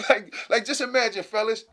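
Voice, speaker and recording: A middle-aged man talking straight to camera in a casual opinion rant, animated and repetitive, with laughing asides. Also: very high-pitched, normal speed. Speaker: vlogger.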